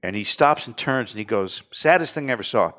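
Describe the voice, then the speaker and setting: A middle-aged man hosting a casual talk show, telling lively stories and chatting with his guests. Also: medium pitch, fairly quick. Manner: chatty, animated anecdote teller. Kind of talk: casual studio chat and storytelling.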